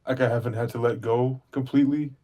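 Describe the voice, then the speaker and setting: A man playing a grieving adventurer who speaks haltingly, searching for words. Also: mid-range voice, fairly even intonation, dark tone, natural voice. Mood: troubled. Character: grieving young adventurer haunted by a lost friend.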